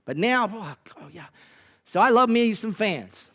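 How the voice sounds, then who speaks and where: High-voiced Australian pastor preaching. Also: male voice, a little slow. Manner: conversational and animated, with quoted asides. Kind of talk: sermon.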